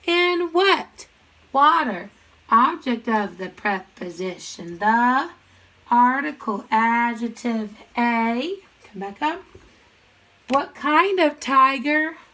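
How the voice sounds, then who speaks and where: A woman teaching a grammar lesson, chanting sentence parts in quick questions and answers and speaking to students directly. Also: fairly high pitch, lively intonation, bright, forceful tone, poor audio. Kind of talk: recorded classroom lesson.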